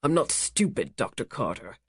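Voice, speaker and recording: A narrator voicing a rich casino owner, a man who speaks with smooth, menacing charm. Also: mid-range voice, very animated, moderate pace, no room sound, studio quality, voice pushed down. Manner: smooth, commanding, cutting. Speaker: cruise ship owner.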